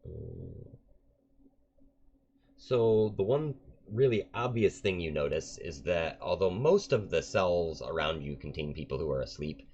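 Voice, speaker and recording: A man narrating a tabletop game as game master, in a relaxed way with many ums and uhs. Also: low voice, measured pace, a little hiss or hum. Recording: dull lo-fi recording.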